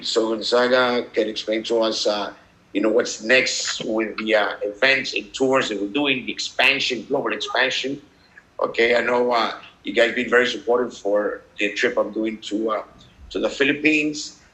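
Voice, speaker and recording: A man hosting an online video call, talking in a halting way and switching between English and Spanish, heard through a damaged laptop speaker. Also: medium pitch, fairly even intonation, pushed and bright, low-quality recording. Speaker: meeting host.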